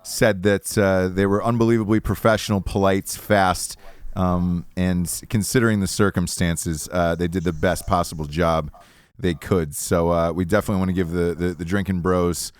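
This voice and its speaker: A man's voice: low-pitched, steady tone, moderate pace, clean tone, no echo. A man hosting a podcast in casual chat, enthusiastic and profane. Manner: enthusiastic, profane, restarts a lot. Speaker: podcast host.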